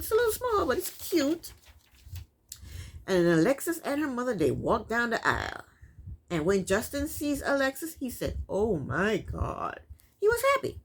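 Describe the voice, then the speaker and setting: A woman casually recapping a reality TV episode from home, sassy and chatty, laughing at what she sees. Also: medium pitch. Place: at home, fan running nearby.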